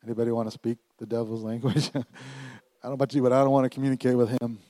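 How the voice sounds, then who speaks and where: A man preaching a lively sermon, calling out to his congregation and swinging from quiet asides to loud emphatic lines. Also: medium pitch, rapid-fire, no room sound. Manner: animated, call-and-response with congregation. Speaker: pastor. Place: church.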